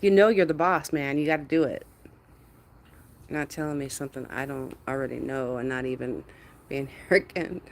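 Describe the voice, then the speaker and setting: Speaking at a moderate pace in an extremely low-pitched voice, a woman hosts a casual livestream with slight background noise. She greets viewers by name, laughs often, and mimics other people in quotes while chatting with her audience.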